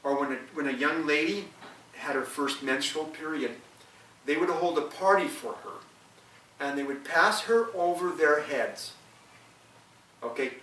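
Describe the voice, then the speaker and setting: A man's voice: a little high, unhurried, pauses often, bright, forceful tone, slight background noise. A man telling a traditional legend aloud, repeating phrases and stopping to explain old customs. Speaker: storyteller. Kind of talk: oral storytelling of a legend. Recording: roomy, from a distance.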